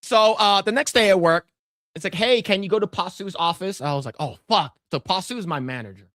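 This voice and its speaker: A man telling a workplace story on a podcast, his voice sitting a little high for a man. He stammers, restarts and slips into quoted voices. The sound is dry and close. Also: a little fast, a bit bright, dry recording. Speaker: podcast co-host. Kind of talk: casual storytelling chat.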